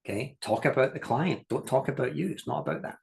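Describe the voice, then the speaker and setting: Man coaching with lively stories. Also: mid-range voice, fast talker, gravelly. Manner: lively storytelling, acts out quoted voices, laughs often; direct, repeats key points for emphasis. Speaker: business coach. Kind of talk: masterclass teaching talk.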